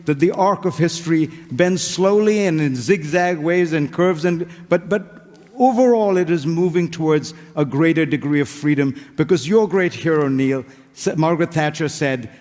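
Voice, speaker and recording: A man's voice: a little high, normal speed, a little mellow. A man from India, speaking earnestly and persuasively in a formal debate. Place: large hall before an audience. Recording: reverberant debate hall.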